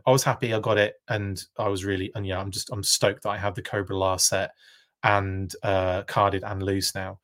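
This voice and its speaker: A man's voice: on the low side, a bit bright. A man with a British accent hosting a live stream, telling a long rambling anecdote full of tangents. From United Kingdom. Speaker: live show host. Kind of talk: casual live-stream chat.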